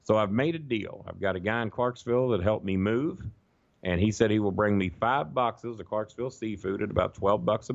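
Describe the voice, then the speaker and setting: A gravelly, fairly low-voiced middle-aged man, telling profane, rambling stories in casual chat. The sound is dry and dull, like a lo-fi recording. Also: no echo. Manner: profane, rambling anecdotes, acts out quoted voices. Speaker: podcast guest.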